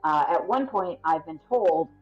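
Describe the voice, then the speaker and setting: A woman's voice: sits low, expressive, measured pace, darkish tone. Midwestern woman, rambling chatty sign-off, dull lo-fi stream mic with faint music. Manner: chatty and rambling, many ums. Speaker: tabletop game player and podcast host. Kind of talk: casual sign-off chat.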